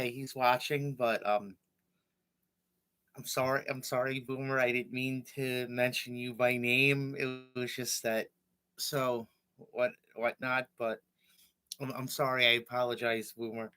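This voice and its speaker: Man rambling through old stories on his stream, halting and casual. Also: medium pitch, little pitch movement, bright, forceful tone, clear, resonant tone. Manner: rambling, halting, with fillers and self-corrections. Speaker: livestream host. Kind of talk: casual storytelling.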